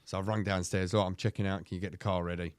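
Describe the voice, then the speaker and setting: A man with an Essex accent tells a rowdy story on a podcast, swearing freely and laughing at himself. His voice sits low and the sound is close and dry. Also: level tone, fast, no echo. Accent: Essex English. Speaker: podcast co-host. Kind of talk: casual storytelling chat.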